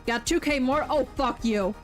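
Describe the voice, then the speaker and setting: Young woman streamer, slightly high pitch, loose and profane, repeats words while thinking aloud; soft game music underneath. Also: normal speed. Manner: swears freely, stammers and repeats words. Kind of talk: casual gaming commentary while voicing game dialogue.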